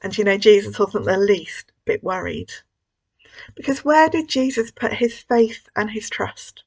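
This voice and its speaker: A woman leading a school collective worship, telling a story to children in a gentle, expressive way with hushed moments. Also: medium pitch, a little slow, husky, low-quality recording. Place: church.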